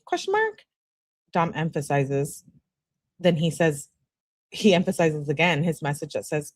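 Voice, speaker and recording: A woman's voice: on the low side, very animated, moderate pace, a little mellow. A woman hosting a true crime livestream, reading a series of text messages aloud with a lifted, emphatic delivery. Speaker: true crime channel host.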